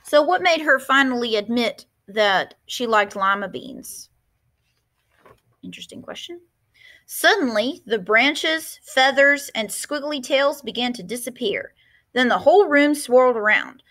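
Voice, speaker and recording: A woman teacher reading a storybook aloud with lots of expression. Her voice sits fairly high. She pauses often to explain words to her listeners. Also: animated, fairly bright tone.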